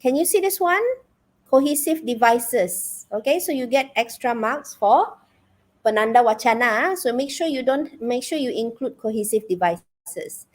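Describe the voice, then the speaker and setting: A woman's voice: a little high, a little slow. A woman with a Malaysian English accent teaching a live online exam-prep lesson, coaxing her students with frequent questions. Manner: animated, coaxing, asks the class questions.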